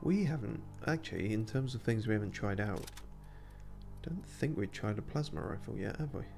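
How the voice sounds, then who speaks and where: A man's voice: fairly low pitch, animated, normal speed, creaky, over music. A man streaming a video game, chatting casually with plenty of swearing and self-mocking asides. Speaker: let's play streamer. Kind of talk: casual gameplay commentary.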